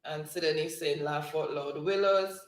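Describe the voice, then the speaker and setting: A woman's voice: deep voice, steady tone. A woman hosting a livestream, reading chat messages aloud and calling out spelling words one at a time. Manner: warm thanks, slow word-by-word calling of spelling words. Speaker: livestream host. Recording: roomy echo.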